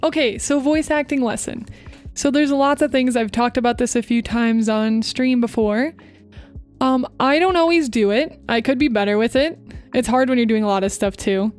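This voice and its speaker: Young female VTuber host, quick bubbly chatter, slightly high pitch, faint music bed. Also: a little mellow. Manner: fast, chatty, bubbly, talks to chat. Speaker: VTuber streamer. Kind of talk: live stream chat and voice tips. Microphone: close desk microphone.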